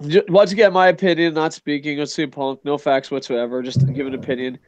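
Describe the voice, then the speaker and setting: Male show host, slightly high voice, rambling and profane, dry close sound. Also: steady tone, fast, no room sound. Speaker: podcast host. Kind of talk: casual wrestling chat.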